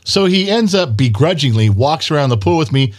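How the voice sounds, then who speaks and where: A man telling stories in casual chat, grumbling and animated, swearing freely. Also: fairly high pitch, fairly quick.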